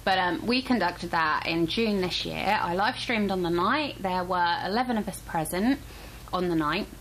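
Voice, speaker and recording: A woman hosting her weekly paranormal vlog, chatty and animated, throwing out rhetorical questions. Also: on the low side, moderate pace, a little hiss or hum, rough recording. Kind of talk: casual chat to camera.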